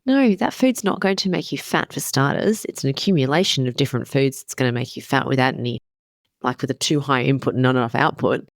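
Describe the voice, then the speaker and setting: A woman's voice: extremely low pitch, a little fast, dry recording, studio quality. A woman in her thirties hosting a casual motivational podcast as a wellness coach, candid and emphatic, swearing casually.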